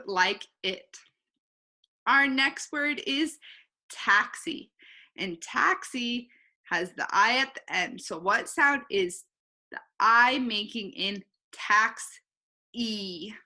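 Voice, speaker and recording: A woman teacher giving a recorded online phonics lesson, talking slowly and clearly and saying each word twice. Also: on the high side, lively intonation, pushed and bright.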